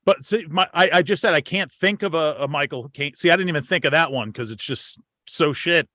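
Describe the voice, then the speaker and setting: A man's voice: fairly high pitch, a little fast, bright, forceful tone, no room sound, studio quality. An American man hosting a casual podcast chat, rambling and repeating words as he starts his thoughts. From United States. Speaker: podcast host.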